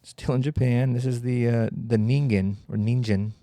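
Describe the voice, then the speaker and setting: A man's voice: medium pitch, steady tone, moderate pace, warm tone, no echo. A man hosting a solo comedy podcast, rambling and mocking in a sarcastic tone. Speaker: podcast host.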